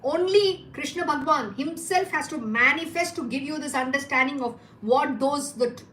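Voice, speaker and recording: A woman's voice: high-pitched, moderate pace, fairly bright tone, roomy sound, a little hiss or hum, rough recording. A woman giving a passionate devotional discourse, scolding and asking rhetorical questions. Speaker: spiritual teacher.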